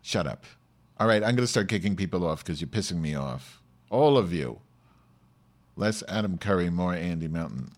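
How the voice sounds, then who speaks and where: A man's voice: sits low, lively intonation, normal speed. A man playing a brash, short-tempered woman podcast host who rants sarcastically and swears at the listeners. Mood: irritated. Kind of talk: comedic podcast monologue.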